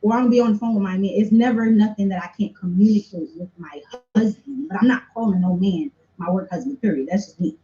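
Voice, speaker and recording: A woman's voice: mid-range voice, quick pace, few pauses, mellow. A woman on a podcast panel, making her case emphatically in conversational talk. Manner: emphatic, conversational, repeats points. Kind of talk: opinionated discussion. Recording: dull, echoey lo-fi audio.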